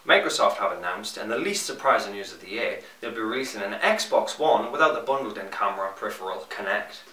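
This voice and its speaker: Bright-voiced Geordie man cracking wise over news. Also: fairly low pitch, animated, brisk, a little hiss or hum. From North East England. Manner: wisecracking, mock-enthusiastic. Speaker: co-host of a gaming news show. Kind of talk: scripted comedic news reading. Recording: roomy echo, mic at a distance.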